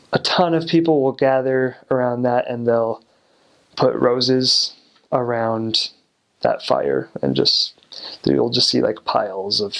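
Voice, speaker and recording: A man's voice: mid-range voice, creaky, a bit bright. Hesitant young American man. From United States. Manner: hesitant, many fillers and restarts. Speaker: returned missionary. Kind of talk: casual explanation.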